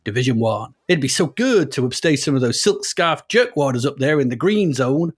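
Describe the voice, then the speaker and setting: A man's voice: mid-range voice, animated, moderate pace, slightly rough. A man putting on a cynical American race driver. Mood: swaggering. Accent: put-on American. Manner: drawling, slangy, sneering. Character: boastful washed-up male race driver, gruff and cynical. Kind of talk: reading a story aloud in character.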